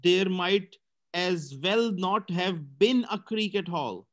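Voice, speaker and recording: A man's voice: high-pitched, lively intonation, takes it slowly, a bit bright. A male teacher reading a story aloud for a comprehension lesson, stumbling now and then and correcting himself.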